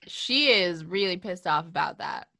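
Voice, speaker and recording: Bright-voiced woman in a laughing chat. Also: lowish voice, lively intonation, a little slow, creaky. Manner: laughs often, thoughtful and reflective. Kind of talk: casual chat discussing an episode.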